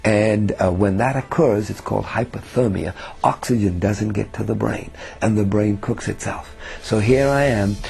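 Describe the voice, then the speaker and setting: A man's voice: lowish voice, fairly even intonation, moderate pace, creaky, few pauses, darkish tone. A man from England giving an earnest personal testimony, telling his story with many fillers. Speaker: testimony speaker.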